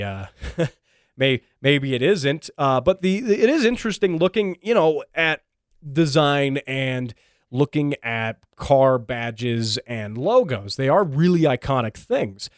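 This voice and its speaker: A man's voice: mid-range voice, lively intonation, measured pace, dry recording, studio quality. A man hosting his own car radio show and podcast, talking casually and wryly with many ums and restarts. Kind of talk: casual solo podcast commentary.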